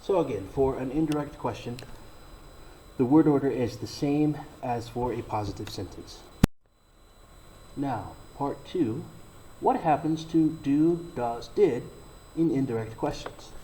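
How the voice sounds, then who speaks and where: Mellow-voiced man teaching English grammar. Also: medium pitch, slight background noise, poor audio. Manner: slow, deliberate explaining with read-out examples. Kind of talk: recorded grammar lesson.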